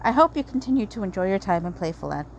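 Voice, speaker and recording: A woman's voice: mid-range voice, big pitch swings, fast, gravelly, highs cut off, slight background noise. A woman reading game dialogue aloud, voicing a smug, scheming male con artist who makes mock-courteous, taunting announcements. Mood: gloating.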